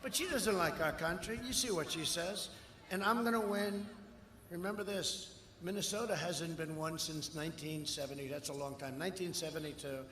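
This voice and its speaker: An older man in his seventies giving a boastful, rambling campaign speech at a large outdoor rally, often shouting. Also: a little high, normal speed, a little hiss or hum. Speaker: political candidate at a rally. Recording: echoey live rally sound with long reverb.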